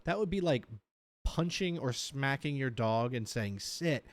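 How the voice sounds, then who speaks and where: A man hosting a reaction video, with blunt, animated commentary that runs off into quick tangents. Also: medium pitch.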